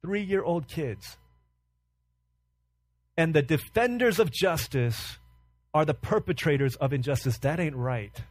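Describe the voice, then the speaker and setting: A man preaches with fervor, piling up rhetorical questions and dropping to hushed tones for emphasis. His voice sits fairly high for a man, and the close, dry recording leaves almost no room sound. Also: animated, slow pace, long pauses, no room sound. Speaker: pastor. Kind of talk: sermon.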